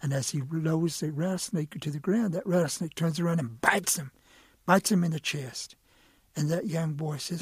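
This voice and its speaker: A man's voice: a little high, moderate pace, husky, no echo, clean studio sound. A middle-aged man telling folk stories aloud, rhythmic and playful, sometimes tripping over his words. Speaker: storyteller. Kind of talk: oral storytelling.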